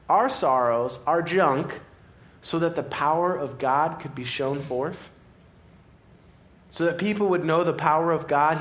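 A man preaching a sermon in a church, playful and animated, laughing as he acts out scenes. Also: medium pitch. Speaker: pastor.

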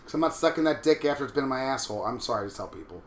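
A man's voice: medium pitch, animated, very fast, roomy sound. A man in his thirties from Long Island, with a Long Island accent, cracking crude, playful jokes in casual chat while he signs up for a website. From Long Island, New York. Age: 30s. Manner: crude, playful, campy wisecracks. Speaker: host signing up for a website.

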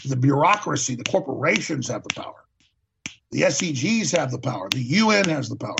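A man's voice: medium pitch, big pitch swings, fairly quick, creaky, noisy background. A man hosting a talk show, delivering an impassioned political monologue, ranting and repeating words for emphasis, on a dull lo-fi recording.

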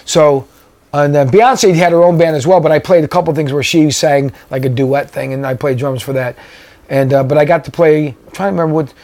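Man, drummer guest, casual storytelling, rambling, filler-heavy, somewhat high pitch, dry close sound. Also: a little fast, a little mellow, no room sound. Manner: rambling, many fillers and restarts.

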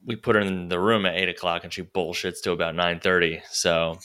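A man co-hosting a casual chat, telling a profane anecdote with animated delivery and acted-out quotes. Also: deep voice, fairly quick, clear, resonant tone. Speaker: podcast co-host.

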